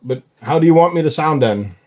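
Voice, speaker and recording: A man's voice: on the high side, lively intonation, brisk, dull audio. A man with a Dutch accent, chatting casually with live-stream viewers while showing his ant colonies, with frequent ums. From Netherlands.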